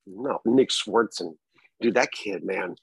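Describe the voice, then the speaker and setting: A man's voice: lowish voice, slow pace, gravelly, breathy edge, no echo, rough recording. A man co-hosting a podcast, teasing and incredulous, swearing often in casual banter. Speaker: podcast co-host.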